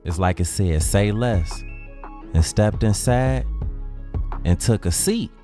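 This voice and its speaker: A young man with a Chicago accent narrating a dramatic comedic story in casual slang, with drawn-out pauses. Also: fairly low pitch, animated, warm tone, soft background music.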